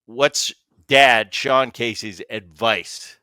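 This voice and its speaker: A man hosting a casual podcast, telling a story with many halting restarts. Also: mid-range voice, sharp tone, clean tone, no room sound, clean studio sound. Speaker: podcast host.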